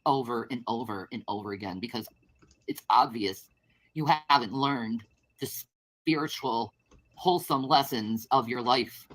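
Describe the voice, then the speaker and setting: A woman's voice: a bass voice, a little slow. A woman on a livestream, ranting bitterly and accusing the people she addresses. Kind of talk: livestream rant.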